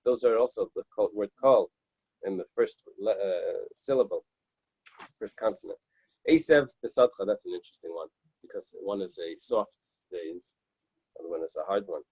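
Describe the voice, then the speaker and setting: A man teaching a Talmud study group, reading Aramaic lines and then working through them in English. His voice is husky and sits a little low. He restarts his sentences often, and the sound is dry and close. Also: moderate pace, darkish tone, dry recording, low-quality recording. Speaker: Talmud class leader.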